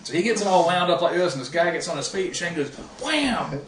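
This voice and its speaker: A man's voice: on the high side, racing. A man telling profane, laughing wrestling stories in a casual chat. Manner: animated, profane, laughing storyteller. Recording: echoey room, distant mic, faint noise.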